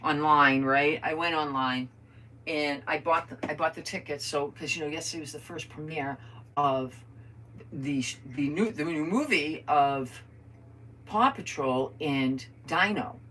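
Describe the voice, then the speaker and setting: A bright-voiced older woman chats away to her viewers as she crafts at home. She rambles from story to story and talks to them like old friends. A faint hiss sits behind her voice. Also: low-pitched, unhurried. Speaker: crafter vlogger. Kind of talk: casual crafting chat to viewers.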